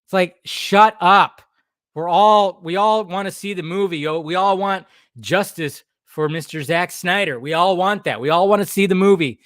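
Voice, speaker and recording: A man's voice: high-pitched, normal speed, a bit bright, no room sound, clean studio sound. Heated, rambling male live-streamer. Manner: rambling, heated, profane, many restarts. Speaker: host.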